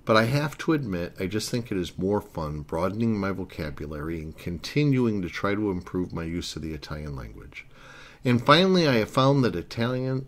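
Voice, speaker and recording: A man narrating a language lesson, explaining grammar earnestly and step by step. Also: deep voice. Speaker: Italian language teacher.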